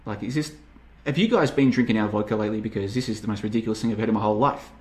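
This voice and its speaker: A man voicing a weary, unflappable Russian leader in a comedic retelling, with deadpan, laconic lines. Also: fairly low pitch, rapid-fire, lightly acted.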